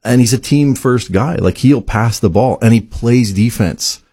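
A man in casual sports chat, animated and quick to laugh. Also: mid-range voice, breathy edge, no echo, studio quality. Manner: animated, laughs easily, acts out players' voices.

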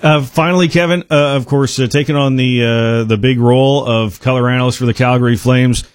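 A man's voice: mid-range voice, fairly even intonation, a little fast, no room sound, studio quality. A man hosting a sports radio show, asking questions with hesitant fillers. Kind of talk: radio interview.

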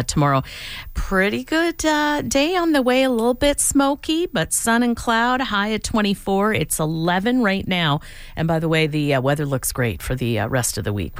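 A woman's voice: sits low, no echo. A woman hosting a morning radio show, chatting casually and laughing easily.

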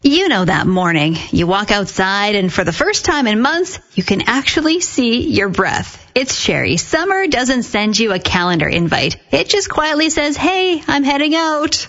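A woman hosting a morning radio show, chatty and quick to laugh. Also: mid-range voice, sing-song, a bit bright, dull audio. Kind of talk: lively radio banter and read ads.

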